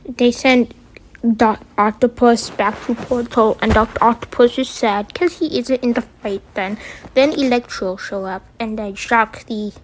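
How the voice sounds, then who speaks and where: A woman casually telling a story in a rambling, halting way with many restarts. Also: a little high, steady tone, a little hiss or hum, rough recording.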